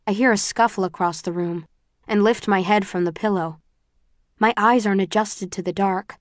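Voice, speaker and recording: A woman narrates a first-person audiobook in a measured, subdued manner. Her voice sits a little low for a woman. The sound is dry and close, with no room around it. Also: darkish tone, no echo.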